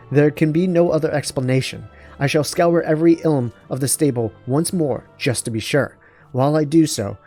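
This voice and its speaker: Guy reading a panicky stable keeper from a fantasy game, a bit higher and louder, mellow tone. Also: close to an everyday voice.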